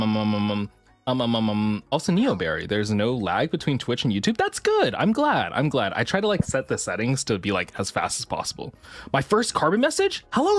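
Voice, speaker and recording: A streamer casually talks with her viewers, her delivery shifting from squeals of excitement to low murmurs, with occasional cursing. The audio has no echo.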